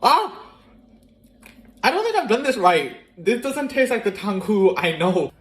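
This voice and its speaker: A man's voice: high voice, very animated, moderate pace, slightly rough. A young man narrating his own cooking videos in a casual, playful way, cracking self-mocking jokes as he goes.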